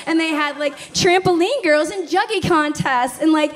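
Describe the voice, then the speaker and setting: A woman's voice: sits high, moderate pace. A woman in her forties doing a blunt, profane stand-up comedy set.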